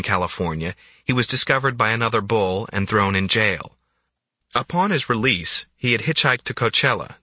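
A man reading an audiobook in an even, measured narration. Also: on the low side, slightly rough, dry recording.

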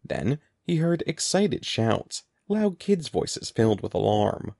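A man reading a children's story aloud with a lively, rising and falling delivery. His voice carries a gravelly texture, and the recording is close and dry with no room sound. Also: mid-range voice, slow, no room sound. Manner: expressive, animated reading. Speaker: narrator. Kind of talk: audiobook reading.

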